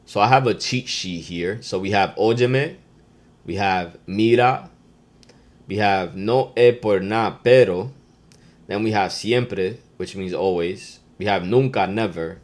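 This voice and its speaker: Male podcast host with a lowish voice, relaxed and slangy, who punches out each Spanish phrase with loud emphasis. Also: a little slow. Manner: laid-back street slang. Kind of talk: casual slangy lesson.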